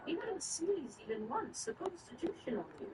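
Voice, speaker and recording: A woman's voice: high-pitched, sing-song, brisk. A woman running a tabletop game as game master, narrating scenes and voicing side characters. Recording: noisy, from a distance.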